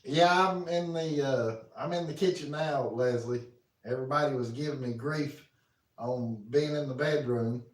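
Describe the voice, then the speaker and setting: A man's voice: medium pitch, moderate pace. Man, folksy live-stream chat, roomy kitchen, set back from the phone mic. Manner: folksy, reads viewer comments aloud, talks to his dog. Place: home kitchen. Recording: roomy, from a distance.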